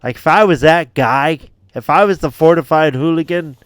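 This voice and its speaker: A man's voice: a little high, normal speed, clear, resonant tone, no echo, clean studio sound. A man hosting a gaming video, casually telling a laid-back story with frequent laughs and free swearing. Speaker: gaming channel host.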